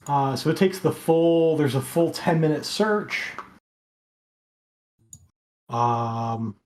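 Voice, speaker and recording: A game master narrating a tabletop game, halting with many fillers. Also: mid-range voice, animated, darkish tone.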